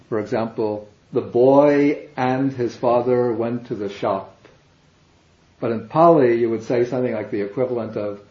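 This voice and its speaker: A man teaching a language class, explaining slowly and patiently, step by step. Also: medium pitch. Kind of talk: classroom lecture. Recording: dull, echoey classroom recording.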